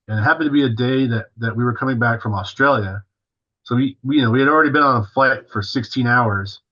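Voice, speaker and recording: A man's voice: mid-range voice, bright, forceful tone, lo-fi sound. A male drummer, a guest on an interview, tells a story casually and animatedly, full of fillers and acting out what others said.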